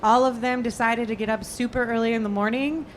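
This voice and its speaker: A woman's voice: a little high, steady tone, a little fast, a little hiss or hum. A woman guest on a trade show panel, speaking in an earnest, enthusiastic way. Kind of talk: casual panel chat. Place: trade show lounge studio.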